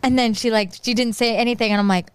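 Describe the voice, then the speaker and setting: A young woman, a podcast guest, retelling a family story in casual chat with animated, exasperated energy. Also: on the high side, quick pace, smooth, no room sound.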